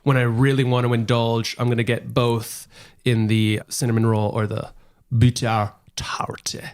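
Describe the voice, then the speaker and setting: A man in a casual podcast chat who rambles through his points with plenty of fillers. His voice sits at an everyday middle pitch, and he stretches out words about food. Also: flat delivery, normal speed, darkish tone, a little hiss or hum. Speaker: podcast co-host.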